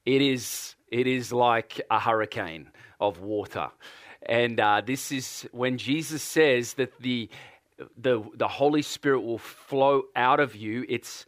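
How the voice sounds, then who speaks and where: In an unhurried sermon, an Australian-accented preacher circles back over his phrases and urges sincere questions on the congregation. The recording is dry and echo-free, keeping his medium, fairly bright voice close.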